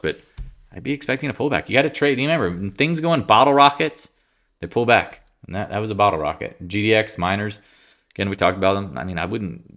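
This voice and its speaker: A man's voice: lowish voice, a bit bright. A congested man giving casual, rambling market commentary, bluntly and offhandedly, often interrupting himself. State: congested, clearing throat.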